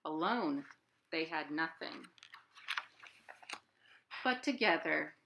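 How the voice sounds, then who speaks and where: A woman, a children's librarian at home, reading a picture book aloud to children with expressive storytelling and sound effects. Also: low voice, slow pace, creaky, highs cut off, noisy background.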